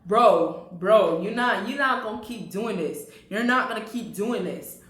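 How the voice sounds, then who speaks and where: A woman's voice: medium pitch, lively intonation, unhurried, fairly bright tone. A woman voicing an indignant teenage boy who insists and repeats himself, told in a storytime vlog. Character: cocky teenage boy complaining to his friend. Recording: roomy echo.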